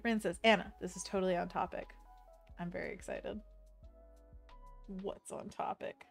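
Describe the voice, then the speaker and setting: An art streamer chats playfully while drawing on stream, reading viewer messages aloud. Her fairly low voice is gravelly and steady, at normal speed, with faint music behind her.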